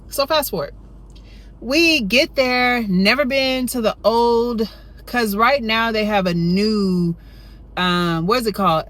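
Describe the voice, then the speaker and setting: Chatty woman telling a rambling story. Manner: chatty, rambling, full of "you know" and "right?"; jumps high and loud when acting out her younger self. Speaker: storytime vlogger. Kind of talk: casual storytime chat.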